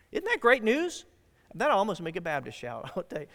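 Animated preaching man in a reverberant church. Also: sits high, brisk, gravelly. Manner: animated preaching, swinging between loud and hushed. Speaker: pastor. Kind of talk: sermon.

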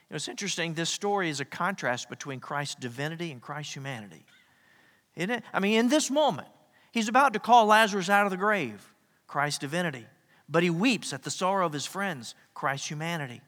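A male pastor preaching a sermon, animated, swinging from loud emphasis to near-whispers. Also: high voice. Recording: echoey hall reverb.

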